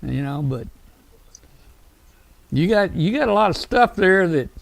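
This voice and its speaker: A man hosting a casual live show, talking in a rambling, excitable way with many fillers and restarts. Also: high voice, unhurried, creaky, no room sound. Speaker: host.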